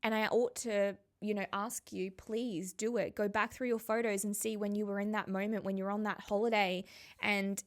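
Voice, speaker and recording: A woman who coaches spiritually speaks to the camera about her own experience in a mid-range voice with little pitch movement. She's reflective, heartfelt and conversational, slowing on words that carry emotion.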